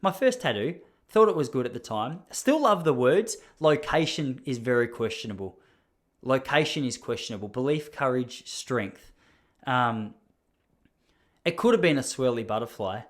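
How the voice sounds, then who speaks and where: A man's voice: mid-range voice, animated, normal speed. Rambling Australian man telling stories. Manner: rambling, self-deprecating, often breaks into laughter. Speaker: podcast host. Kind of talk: casual storytelling monologue.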